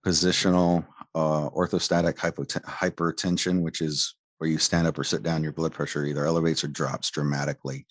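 A man's voice: very deep voice, level tone, fairly quick, hardly any pauses, no room sound, studio quality. A man who was a medic tells a heated, profane personal story, rambling and swearing as he goes. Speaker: former medic telling his story. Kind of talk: angry personal account.

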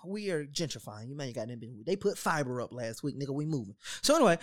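Dude from on a podcast, super animated, cussing and joking, voice swoops up and down. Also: male voice, mid-range voice, rapid-fire. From Southern United States. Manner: animated, joking, swears freely. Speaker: podcast co-host. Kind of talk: casual podcast chat.

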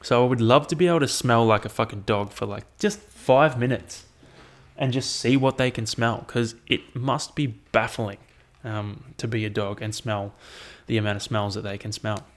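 A man's voice: medium pitch, steady tone, normal speed. A young man hosting a solo podcast, chatting casually and rambling with frequent swearing. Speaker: podcast host.

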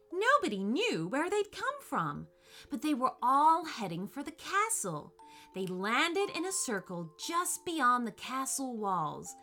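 A woman narrating a children's storybook in an expressive, unhurried way. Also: high-pitched. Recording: soft background music.

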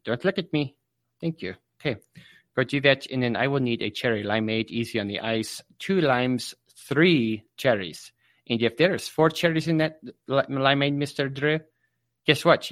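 A man putting on a cranky old-school professor, bossing a student around in a raised, pushy voice. He is gruff and profane, and he sounds close and dry with no room sound. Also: mid-range voice, fairly bright tone, no room sound, close to an everyday voice. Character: bossy, cranky male professor barking orders. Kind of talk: improvised comic role-play on a livestream.

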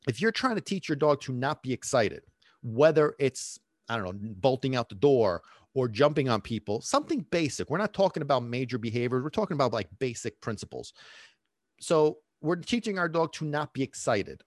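A man's voice: medium pitch, dry recording, studio quality. Emphatic man teaching dog training. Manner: emphatic, rhetorical questions, frequent "okay?" and "right?". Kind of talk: casual instructional talk.

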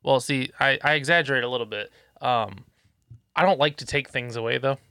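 A man's voice: medium pitch, fairly quick, pushed and bright, clean tone, dry recording, studio quality. A man and parent chatting on a podcast, blunt and full of swearing, acting out how he scolds his son. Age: adult parent. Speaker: podcast co-host. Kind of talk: casual profane chat.

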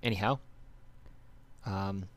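A man running a tabletop game as game master, halting as he reads rules aloud. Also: low voice.

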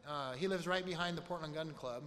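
A man's voice: a little high, fairly quick, a crowd in the background. A man candidly telling a personal recovery story to a group, with frank, profane speech and lots of quoted dialogue. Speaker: speaker sharing a recovery story. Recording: long hall reverb, faint noise.

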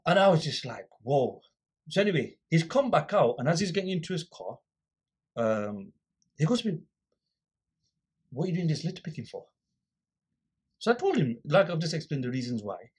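Casting: man, husky voice, animated anecdote teller who voices both sides of a quarrel. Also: fairly high pitch, a little fast. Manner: animated storyteller, acts out quoted dialogue. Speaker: guest, volunteer litter picker. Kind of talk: casual storytelling interview.

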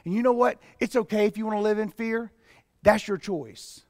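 A man pastor preaching a sermon with emphatic delivery that rises to loud exclamations. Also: high-pitched, normal speed, no room sound, studio quality, in a large hall.

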